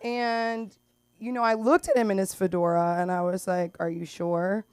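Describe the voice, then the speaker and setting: This open mic comic is a young woman speaking at medium pitch and normal speed, her tone clean with no room sound. Her stand-up set on a small club stage rambles along with plenty of "like" and "um," punctuated by loud put-on voices for the characters she describes.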